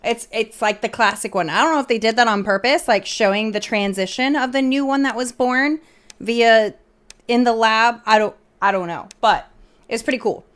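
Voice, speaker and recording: A woman's voice: on the high side, moderate pace, a bit bright. A woman streamer chatting casually in a rambling way, full of fillers and restarts.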